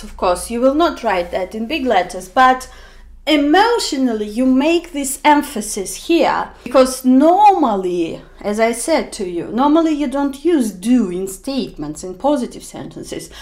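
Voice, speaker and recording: Woman teacher, high and very animated voice, unhurried delivery, acts out example sentences. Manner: slow and deliberate, acting out example sentences with emphasis. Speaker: English teacher. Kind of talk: explanatory video lesson.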